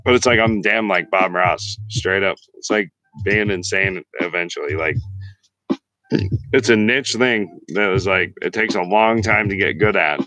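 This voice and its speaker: A man's voice: sits low, measured pace, pushed and bright, rough recording. A man hosting a casual livestream, rambling and boasting in a heavily profane way while he freestyle raps. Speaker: livestream host and freestyle rapper. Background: faint hip-hop beats.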